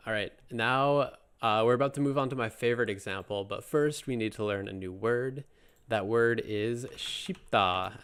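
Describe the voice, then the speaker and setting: A Korean language teacher gives a relaxed, chatty lesson, joking and circling back with plenty of fillers and restarts. His voice is lowish and fairly bright, and there is slight background noise.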